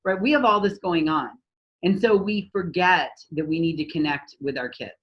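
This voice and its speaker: Woman guest coach, low-ish voice, animated talker who acts out little scenes; dull lo-fi recording. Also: normal speed. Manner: lively, acts out quoted dialogue with raised voice. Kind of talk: conversational podcast advice.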